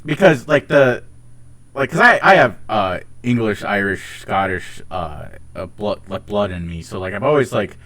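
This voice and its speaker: An American man chatting casually on a podcast, rambling and halting, with casual swearing. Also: fairly low pitch, lively intonation, fairly bright tone. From United States. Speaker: podcast host. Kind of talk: casual chat.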